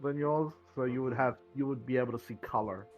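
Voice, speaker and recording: A man talks as a player in a tabletop game, stumbling over his words as he explains his moves. His voice is mid-pitched, and faint music plays underneath. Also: fairly quick, lo-fi sound. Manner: stammering, explanatory. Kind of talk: casual chat in a tabletop game.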